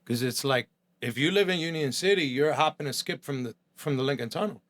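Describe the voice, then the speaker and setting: A man's voice: mid-range voice, brisk, fairly bright tone. A middle-aged man from New Jersey, a chef guest on a podcast, telling his story bluntly and with profanity, often acting out quoted voices.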